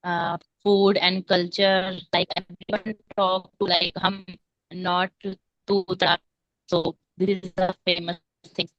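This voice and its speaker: A woman's voice: lowish voice, little pitch movement, slow pace, no room sound. Woman, English learner, eager, filler-heavy, muffled dry audio. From India. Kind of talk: English speaking practice. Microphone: online class audio.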